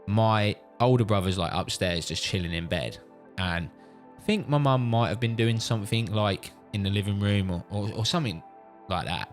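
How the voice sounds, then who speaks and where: British dad vlogger, lower voice, chatty and animated, lots of swearing and restarts. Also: male voice. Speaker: vlogger, father. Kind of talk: casual storytelling. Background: faint background music.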